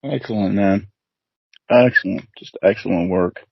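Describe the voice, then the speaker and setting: A man's voice: fairly low pitch, moderate pace, creaky, slightly rough, dull audio. A man hosting a casual interview podcast, rambling and swearing, peppering his talk with "man". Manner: rambling, profane, keeps saying "man". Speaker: podcast host.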